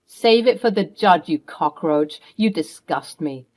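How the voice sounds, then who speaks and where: A woman's voice: lowish voice, animated, measured pace, darkish tone. This is a fierce, protective mother, played by a woman, cutting and commanding. Her lines come out firm and hard-edged, with no room for argument. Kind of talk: storytime role-play.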